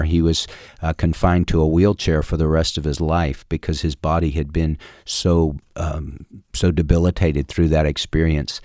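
Radio host, a man with a low voice, earnest preaching delivery, dry close sound. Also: darkish tone, no room sound. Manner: earnest storytelling with emphatic pauses. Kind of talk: radio preaching and call-in hosting.

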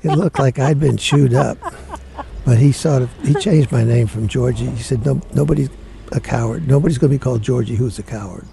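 An older man, a guest in an interview, telling family stories in a plainspoken, animated way. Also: medium pitch, fairly quick, gravelly, crowd noise. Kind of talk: storytelling in an interview.

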